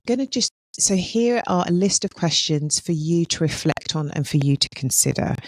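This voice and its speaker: Gravelly woman hosting a podcast. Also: deep voice, no room sound, poor audio. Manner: measured, posing reflective questions to listeners. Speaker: podcast host and healthcare consultant. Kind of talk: solo podcast monologue.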